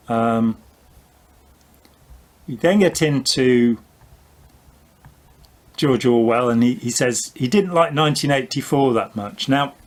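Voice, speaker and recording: A man's voice: medium pitch, takes it slowly, pauses often. An older man, an author and commentator, explaining ideas in a casual conversational debunking with dry, wry jokes.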